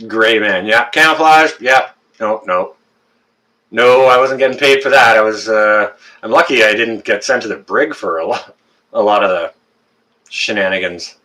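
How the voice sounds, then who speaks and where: A man's voice: on the low side, normal speed, sharp tone. A Canadian man in his fifties chatting casually with viewers on a live stream, joking and teasing, with frequent fillers and restarts. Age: 50s. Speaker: livestream host.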